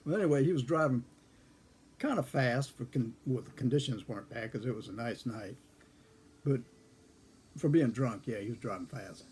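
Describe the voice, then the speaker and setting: A man's voice: medium pitch, moderate pace, pauses often, darkish tone, slight background noise. An older man in his seventies casually telling a rambling personal story, chuckling often and correcting himself as he goes. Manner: chuckles often between lines.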